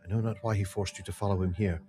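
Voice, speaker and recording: A man voicing a proud, stern young noblewoman with formal, measured speech in a fantasy game. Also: lowish voice, fairly even intonation, mellow, soft background music, natural voice. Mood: grave.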